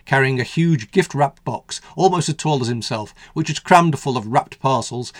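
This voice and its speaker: Male radio storyteller, husky, wry, dry studio read. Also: mid-range voice, dry recording. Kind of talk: storybook narration.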